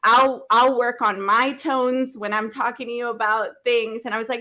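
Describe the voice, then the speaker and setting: A woman hosting a business event, telling a story with animated energy. Her voice is slightly high. She acts out the dialogue and often breaks into laughter. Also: normal speed. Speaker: event host. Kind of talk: storytelling panel talk.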